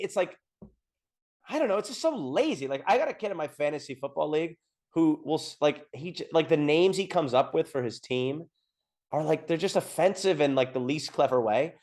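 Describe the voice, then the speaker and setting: A man's voice: on the high side, animated, fairly quick, a little mellow. A man in his thirties co-hosting a music podcast in casual chat, rambling and self-deprecating. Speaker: podcast co-host.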